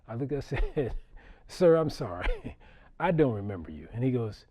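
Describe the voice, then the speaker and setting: Mellow-voiced middle-aged man telling a story. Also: mid-range voice, sing-song, a little slow. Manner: conversational, chuckling, repeats words when he restarts. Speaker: basketball referee giving a talk. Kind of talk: storytelling public talk.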